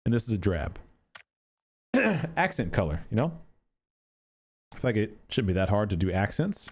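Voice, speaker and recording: Animated male gamer ranting casually. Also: lowish voice, normal speed. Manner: animated, exasperated ranting with profanity. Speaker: gaming content creator. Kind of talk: casual game commentary.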